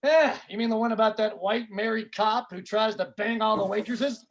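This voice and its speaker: Woman doing a gruff judgmental old dad. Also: fairly high pitch, normal speed, noisy background, lightly acted. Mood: grumbling. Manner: grumbling, starts with a dismissive "eh". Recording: live club with crowd laughter.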